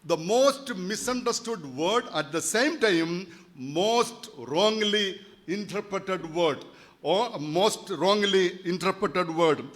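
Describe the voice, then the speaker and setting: High-voiced pastor in his sixties. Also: takes it slowly, a bit bright. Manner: earnest, repeats key phrases for emphasis. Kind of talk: sermon. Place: church.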